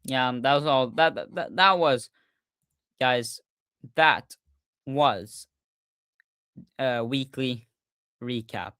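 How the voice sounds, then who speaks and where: Guy hosting a laid-back podcast stream, gets hyped and trips over his words, smooth voice, dry sound. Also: mid-range voice, slow, pauses often, dry recording. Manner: excitable, many fillers and restarts. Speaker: podcast host. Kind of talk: casual livestream recap.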